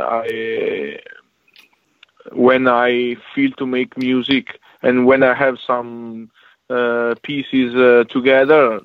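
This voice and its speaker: An Italian-accented man speaks slowly and haltingly, full of fillers and restarts, answering interview questions. His voice comes through a tinny, phone-like line with a dry, close sound. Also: medium pitch, no room sound. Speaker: music composer guest.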